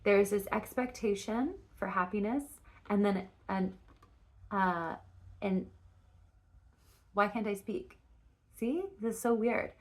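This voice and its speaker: A woman's voice: medium pitch, takes it slowly, long pauses, darkish tone. A woman giving a casual spoken tarot reading, rambling and restarting her sentences, with frequent fillers and casual swearing. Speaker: tarot reader.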